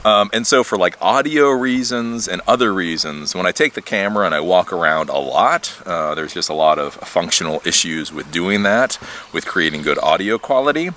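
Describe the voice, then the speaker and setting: Man, low voice, very lively pitch, bright and forceful tone, casual rambling monologue, faint outdoor noise. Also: normal speed. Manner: rambling, animated, swears casually, laughs often. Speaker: tech YouTuber.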